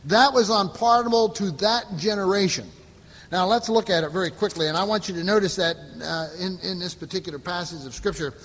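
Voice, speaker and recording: High-pitched guy teaching bible study, lots of uh's and restarts, big hall reverb. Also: fairly bright tone. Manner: explains slowly with many fillers and restarts.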